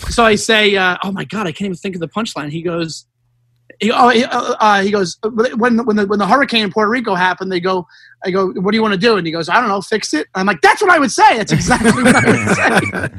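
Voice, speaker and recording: A stand-up comedian in casual chat, animated and swearing freely as he acts out stories from stage. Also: high-pitched, quick pace, no room sound.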